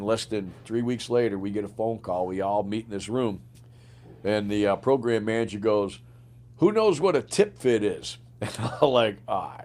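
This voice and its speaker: An older man, a retired soldier, telling stories in a casual interview, acting out the dialogue and swearing freely. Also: fairly low pitch. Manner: animated storyteller, acts out quoted dialogue, swears freely. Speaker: guest, retired Green Beret sergeant major.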